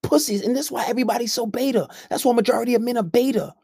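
A man's voice: extremely high pitch, rapid-fire, gravelly, dark tone, breathy edge, dry recording. A man who coaches men, delivering a blunt, combative, profanity-heavy rant. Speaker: men's coach. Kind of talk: profane ranting monologue.

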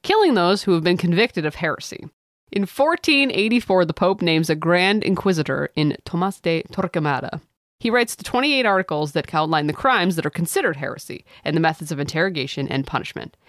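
Lively low-voiced woman co-host. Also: a little fast, dry recording, studio quality. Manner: expressive, laughing, jokey asides. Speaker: podcast co-host. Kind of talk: comedic history chat.

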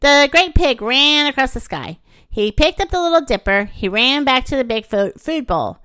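A woman narrating a children's storybook in an expressive storytelling manner. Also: high-pitched, normal speed, smooth, no room sound, studio quality.

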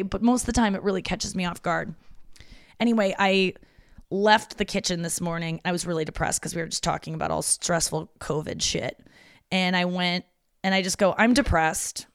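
This podcast host is a young woman with a lowish, gravelly voice, talking alone in a casual, confessional, chatty way and using lots of filler words. She's recording at her parents' house, and the audio is dry with a clean studio sound.

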